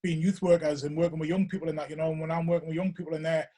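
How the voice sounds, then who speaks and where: A man with a Geordie accent hosts a relaxed interview in a slightly raised voice. He talks quickly, rambling through restarts and filler phrases as he works out his point. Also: a little high. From North East England. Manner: rambling, hesitant, full of restarts and "you know". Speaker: podcast host. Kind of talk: casual interview chat.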